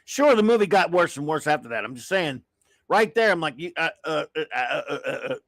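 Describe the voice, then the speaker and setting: Middle-aged male host, exasperated and rambling, fairly high voice, dry recording. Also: sing-song, brisk, fairly bright tone, no room sound. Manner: exasperated, rambling, with sighs and restarts. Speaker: show host. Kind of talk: casual live-stream rant.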